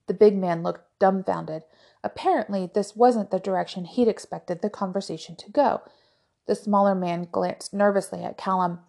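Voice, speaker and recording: A woman narrating a fantasy novel aloud in an even, measured storytelling voice. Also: mid-range voice, creaky. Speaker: audiobook podcast narrator.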